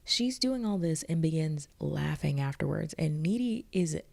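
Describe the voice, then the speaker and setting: Low raspy-fry lady doing a chatty jokey movie recap, mellow dark voice. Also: expressive, moderate pace. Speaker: video essay host. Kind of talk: casual film recap.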